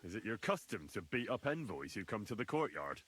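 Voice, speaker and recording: An earnest young hero. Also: male voice, lowish voice, very animated, a little fast, fairly bright tone. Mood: questioning. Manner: earnest, questioning.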